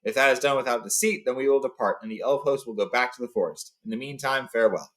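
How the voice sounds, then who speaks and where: A man voicing a steady male human leader who bargains firmly in a read-aloud story. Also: mid-range voice, fast talker, close to an everyday voice.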